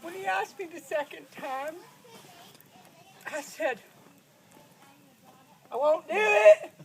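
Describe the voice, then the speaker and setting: A woman's voice: high-pitched, slow. A woman playing a folksy, plainspoken rural storyteller, telling a comic tale with drawling, giggling asides. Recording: noisy recording.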